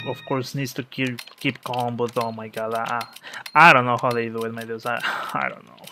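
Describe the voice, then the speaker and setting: Man, casual let's-play commentary, halting rambling delivery, steady game sounds underneath. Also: medium pitch. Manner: rambling, halting storytelling with many restarts. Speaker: gaming video host. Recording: steady game noise behind voice. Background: video game sounds.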